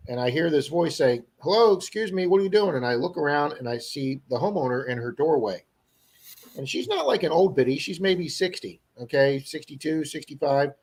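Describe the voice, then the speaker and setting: A man co-hosting a livestream, telling an animated story to his viewers in a casual chat. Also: mid-range voice. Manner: animated storyteller who acts out quoted people. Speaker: livestream co-host.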